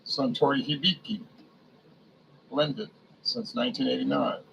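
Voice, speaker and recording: A man's voice: medium pitch, very animated, measured pace, creaky, a bit bright, lo-fi sound, slight background noise. A man casually reading a liquor list aloud, musing to himself and stumbling over foreign names. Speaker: beer and spirits reviewer.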